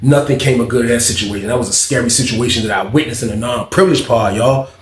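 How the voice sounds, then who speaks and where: A man telling a prison story in casual, animated slang, acting out quotes with loud high shouts and hushed asides. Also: fast, echoey room. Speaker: storyteller vlogger.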